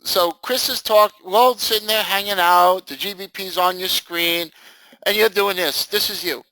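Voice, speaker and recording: Animated high-voiced male trading instructor. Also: moderate pace, no echo, rough recording. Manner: animated, jokey, acts out students' reactions. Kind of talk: live screen-share training session.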